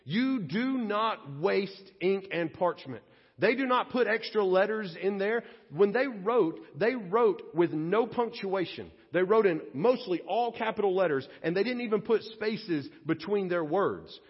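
A man's voice: high voice, animated, a little slow, husky. A man preaching a sermon as pastor, folksy and conversational, acting out little everyday scenes. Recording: dull lo-fi audio with long church reverb.

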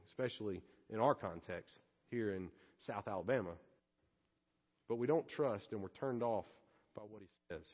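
A man, preaching a sermon to his congregation in a church in a conversational, joking way. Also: medium pitch. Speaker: pastor. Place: church sanctuary. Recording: reverberant hall, slightly muffled.

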